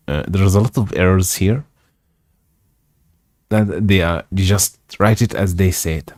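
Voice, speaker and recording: A man's voice: low voice, fairly even intonation, a little mellow, dry recording, studio quality. A man whose first language is Arabic, reading a classic novel aloud live and stopping to comment on its wording. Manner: slow, reflective, chuckles at the text. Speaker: English reading host.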